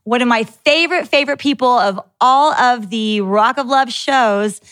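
A woman in her thirties hosting a podcast, telling a candid, animated story in a casual way. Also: on the high side, moderate pace, dry recording. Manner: animated, candid, swears freely. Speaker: podcast host.

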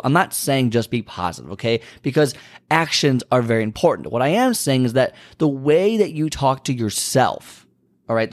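Speaking straight to listeners, a motivational speaker gives a casual, animated talk, repeatedly checking in with "okay?" He draws key words out slowly and leaps in pitch and speed to stress a point.

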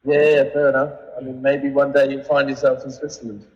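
A man's voice: mid-range voice, level tone, fairly quick, a little mellow, big-room sound, lo-fi sound. A man as a podcast guest, chatting casually with rambling, laughing asides. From England. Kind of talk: casual chat.

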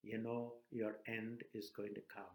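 A man preaching a sermon, telling a parable with earnest, dramatic pauses. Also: fairly low pitch, completely flat delivery, creaky, roomy sound, low-quality recording.

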